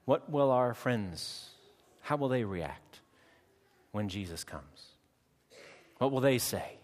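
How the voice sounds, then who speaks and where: Man preaching in a reverberant hall. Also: medium pitch. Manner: dramatic, varies loudness and slows for emphasis; acts out quick dialogue with the congregation. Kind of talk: sermon. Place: church hall.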